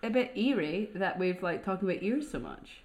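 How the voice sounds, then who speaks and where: A young Scottish woman co-hosting a podcast, talking quickly and playfully in casual chat. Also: mid-range voice, expressive, a little mellow. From Scotland. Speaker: podcast co-host.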